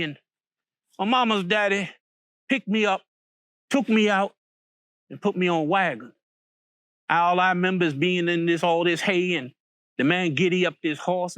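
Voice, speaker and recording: A man voicing an old grandmother in a folk story, recalling being sold as a child, in a slow, mournful, lowered voice. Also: fairly bright tone, no room sound. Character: grieving old enslaved grandmother.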